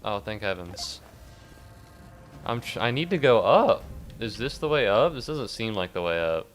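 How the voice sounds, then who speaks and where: Lively low-voiced man streaming a game. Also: moderate pace. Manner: rambling, jokey, breaks into high squeaky outbursts. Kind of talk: casual gaming commentary.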